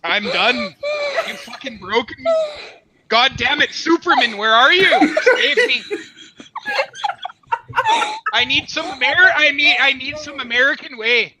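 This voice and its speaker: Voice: high voice, very animated, moderate pace. Noisy stream guest doing mock Canadian. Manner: joking in a mock Canadian accent, swearing. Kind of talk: casual stream banter. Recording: loud background noise.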